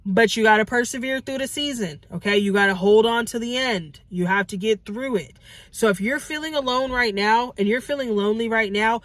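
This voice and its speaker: A young woman giving casual, lively Bible teaching to women, calling them baby and girls and acting out the voices in the story. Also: fairly high pitch, brisk, no echo. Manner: animated, acts out quoted voices, calls listeners baby and girls. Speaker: Christian teacher.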